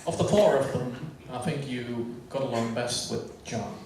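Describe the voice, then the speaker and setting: A man's voice: mid-range voice, darkish tone, distant mic, slight background noise. Hesitant male interviewer in echoey hall. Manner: hesitant, halting questions. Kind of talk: interview questions.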